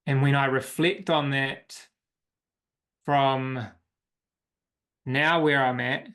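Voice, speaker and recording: A man's voice: medium pitch, fairly even intonation, drawn-out words, a bit bright. A man, a coach, telling his personal story as an interview guest in a reflective, emotional way.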